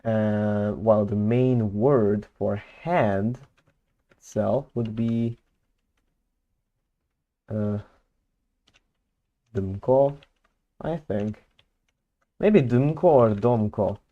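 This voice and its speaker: Man on a low-fi mic, dark low voice, muses slowly and corrects himself as he goes. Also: narrow, tinny audio. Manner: thinking aloud while working, many fillers and self-corrections. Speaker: conlang creator. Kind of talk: casual screen-recorded commentary.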